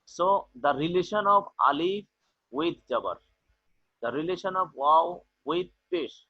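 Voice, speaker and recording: A man teaching an online class, explaining slowly and repeating "okay" often, with a Bangladeshi English accent. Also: a little high, lively intonation, no echo. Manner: slow, repetitive explaining with many "okay"s. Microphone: video call. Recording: tinny online call audio.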